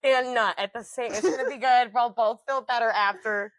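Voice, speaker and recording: A woman in her twenties co-hosting a podcast, telling stories in a loud, boisterous way with lots of swearing and laughter. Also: fairly high pitch, steady tone, moderate pace, no echo. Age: 20s. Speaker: podcast co-host. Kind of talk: casual chat.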